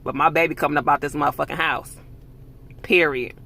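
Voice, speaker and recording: Angry profane man ranting, gravelly voice. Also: on the high side, fairly even intonation, fairly quick, pushed and bright. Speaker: vlogger. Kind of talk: heated commentary monologue.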